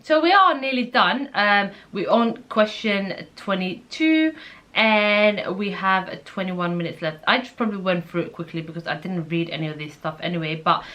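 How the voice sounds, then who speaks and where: Woman vlogger from the Netherlands, mid-range voice, chatty and disbelieving, thinks out loud. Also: mid-range voice, animated, normal speed. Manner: chatty and incredulous, thinks aloud and reads questions out. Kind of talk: casual chat while taking an online quiz.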